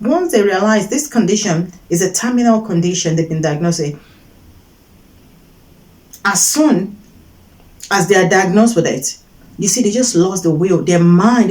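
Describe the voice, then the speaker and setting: In poor audio, a woman with a mid-range, darkish, expressive voice speaks at a moderate pace. As a Christian teacher giving advice, she delivers an earnest faith-based talk, repeating points for emphasis and acting out short quoted voices.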